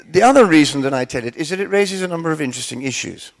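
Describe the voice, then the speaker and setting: A man's voice: on the high side, animated, rapid-fire, vocal fry. A man preaching, chatty and self-deprecating, mixing humorous stories into his sermon. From Scotland.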